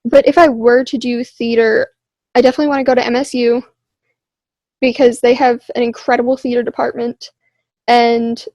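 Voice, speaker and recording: A woman's voice: on the high side, flat delivery, moderate pace, darkish tone, no echo. A teenage girl and young actor chatting casually in an interview, bubbly and filler-heavy.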